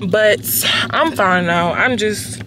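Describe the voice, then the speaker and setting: A young woman vlogging from her car, chatting casually to her phone camera in a slangy, expressive way, swearing freely. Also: mid-range voice, slow pace, noisy background. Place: inside a car, on the road.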